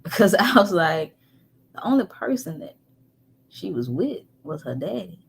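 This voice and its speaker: A woman telling a painful personal story candidly, moving between animated talk and near-whispers. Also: lowish voice, unhurried, vocal fry, husky. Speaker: guest. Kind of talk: emotional storytelling.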